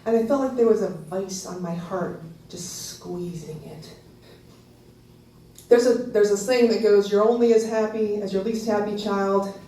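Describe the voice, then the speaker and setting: A woman in her fifties telling a personal story on stage, animated and laughing often, jumping into a high squeal when she quotes herself. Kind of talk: live storytelling performance. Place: small live venue with an audience. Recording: echoey venue, voice a bit distant, faint background noise.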